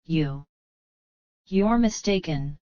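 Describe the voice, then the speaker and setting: Brief: weepy young heroine in a storybook, voiced by a woman. Low-pitched, unhurried, slightly muffled. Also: lively intonation, mellow, clear, resonant tone, dry recording, exaggerated voice. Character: tearful, lonely young heroine.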